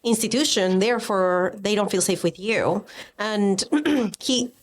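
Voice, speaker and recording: Woman guest with an accent, mid pitch, emphatic animated storyteller in a relaxed chat. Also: measured pace, a little hiss or hum. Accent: non-native English accent. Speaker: guest, educator and writer. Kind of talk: casual conversation.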